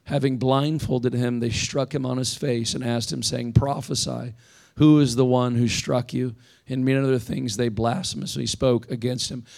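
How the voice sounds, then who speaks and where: A man's voice: medium pitch, flat delivery, normal speed, vocal fry, darkish tone. A man in his thirties who pastors a church, preaching a sermon in an earnest, conversational way and repeating emphatic phrases. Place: church sanctuary.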